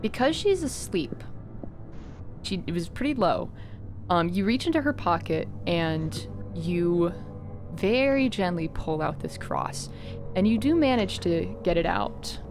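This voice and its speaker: A woman running a tabletop role-playing game as game master, narrating in a gentle, measured way. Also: lowish voice, very animated, music in the background.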